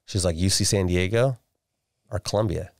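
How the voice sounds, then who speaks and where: A deep-voiced man in his forties tells a family story as a podcast guest. He talks casually, restarts sentences and repeats words as he goes. The sound is dry and close, with no room echo. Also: normal speed, vocal fry. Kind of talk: casual interview chat.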